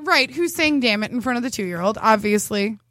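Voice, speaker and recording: Young female co-host, high and dry, animated storyteller who laughs a lot. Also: a little fast, no echo. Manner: animated, dramatic, laughs often, acts out quotes. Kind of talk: casual chat, storytelling.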